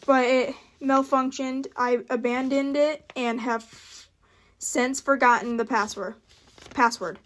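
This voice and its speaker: Young woman, teens, slightly high voice, slow deliberate read of a statement, stumbles and restarts. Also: a bit bright. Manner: stumbling, restarting lines, flustered asides. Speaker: vlogger. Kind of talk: reading a prepared statement to camera.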